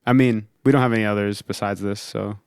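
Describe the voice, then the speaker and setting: A man's voice: on the low side, fairly even intonation, fairly quick, creaky, a little mellow, clear, resonant tone, no echo, clean studio sound. A man in his twenties co-hosting a podcast, laid-back and slangy, often giving short replies. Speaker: podcast co-host. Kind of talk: casual podcast chat.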